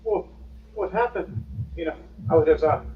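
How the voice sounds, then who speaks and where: A man plays a flustered young monk in a tabletop game, stammering and shaky. The voice jumps high, and the sound is distant and roomy with a dull, noisy tone. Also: normal speed, close to an everyday voice. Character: nervous young male sailor monk, flustered.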